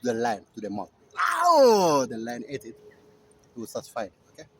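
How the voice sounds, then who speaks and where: A man's voice: mid-range voice, steady tone, fast talker, darkish tone, slightly rough, rough recording. A man from Ethiopia telling a childhood story outdoors in a park in a rambling, chatty way, who keeps adding "my friend" and "okay?". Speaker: vlogger. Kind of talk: casual storytelling. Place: outdoors in a park feeding doves. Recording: outdoor background noise.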